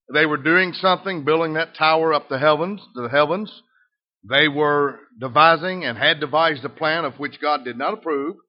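A middle-aged man with a Southern US accent preaching a sermon in a folksy way, switching between emphatic and soft delivery. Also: fairly high pitch. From Southern United States. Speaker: pastor. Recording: dull lo-fi sound.

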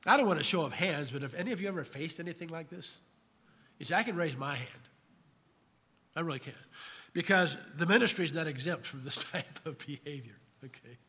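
A male pastor delivers a sermon in a fairly high, bright, forceful voice. He is emphatic and keeps turning questions back to the congregation. A long reverb from the church hall trails his words. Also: a little fast, breathy edge.

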